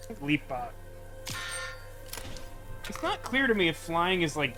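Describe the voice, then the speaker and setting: A man's voice: on the high side, big pitch swings, measured pace, pauses often, sharp tone, faint music behind. A male streamer giving casual gameplay commentary, thinking aloud and muttering to himself.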